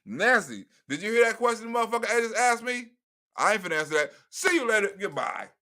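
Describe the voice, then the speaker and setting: A man's voice: high-pitched, animated, fast, bright, forceful tone. A man putting on a cranky old male president who rambles, curses and stammers through restarts. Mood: dismissive.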